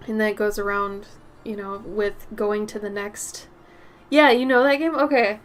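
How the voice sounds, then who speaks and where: A woman with a raspy, smoky voice chatting casually while she paints on a live stream, her nose a little stuffy. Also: mid-range voice, fairly even intonation, a little slow. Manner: chatty, drifts between topics, soft murmured asides.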